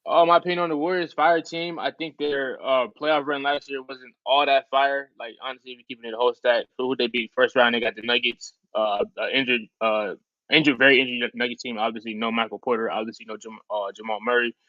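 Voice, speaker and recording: Fast-talking excitable man, lo-fi sound. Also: medium pitch, dry recording. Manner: excitable, rambling, lots of fillers. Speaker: podcast co-host. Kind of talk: casual basketball talk. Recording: dull lo-fi sound.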